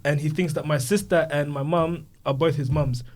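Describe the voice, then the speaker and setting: A man's voice: a little high, moderate pace. A man in his twenties, a podcast co-host, telling stories in casual chat and acting out the voices of the people in them. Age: 20s. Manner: animated storyteller, acts out voices of kids.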